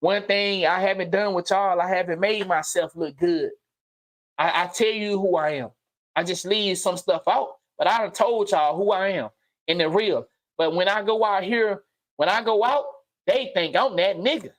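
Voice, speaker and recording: A man hosting a livestream and giving an unscripted motivational monologue, blunt and profane, repeating phrases and swinging from low murmurs to loud outbursts. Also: normal speed. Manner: blunt, preachy, profane street slang. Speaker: livestream host. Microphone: streaming mic.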